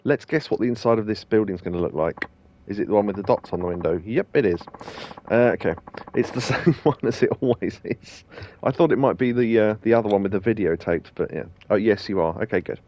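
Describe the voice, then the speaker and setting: A man's voice: on the low side, brisk, darkish tone, a little hiss or hum. A man hosting a let's play, chatting casually and laughing often with his co-host. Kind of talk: casual gameplay commentary.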